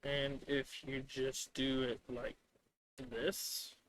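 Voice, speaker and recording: A man streaming live while coding, rambling in exasperation and mocking the software by voicing what it says back to him. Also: medium pitch, little pitch movement, very slow, slight background noise. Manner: exasperated, rambling, mocks the software in quoted voices.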